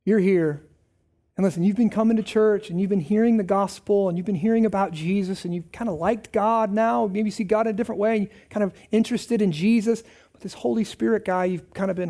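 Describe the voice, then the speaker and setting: Male pastor mid-sermon, mellow voice, casual and emphatic by turns. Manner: conversational preaching, swinging from raised emphatic lines to low asides.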